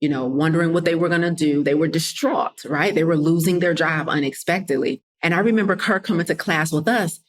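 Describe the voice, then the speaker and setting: A woman's voice: low-pitched, a little fast, few pauses. A woman hosting a casual motivational podcast, talking straight to her listeners and acting out what people said. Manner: conversational, addresses listeners as y'all, drops into quoted voices. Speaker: podcast host and coach.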